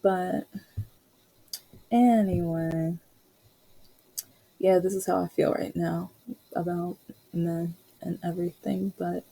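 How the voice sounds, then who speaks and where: A woman's voice: fairly low pitch, drawn-out words, gravelly, pauses often, darkish tone, husky, rough recording. A young adult woman hosting a podcast, chatting casually and rambling through a personal story with frequent laughs. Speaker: podcast host.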